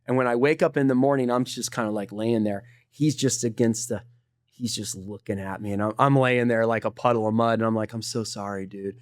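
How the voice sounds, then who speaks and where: A middle-aged man, a podcast guest, telling climbing stories in a laid-back, animated way. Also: medium pitch, brisk, no echo, studio quality. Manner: animated, laid-back storyteller saying dude. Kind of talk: casual storytelling.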